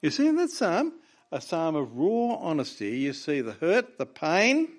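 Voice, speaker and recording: A man's voice: on the high side, wildly swooping pitch, a little slow. A man preaching a sermon, reading scripture with raw emotion between plainly explained points.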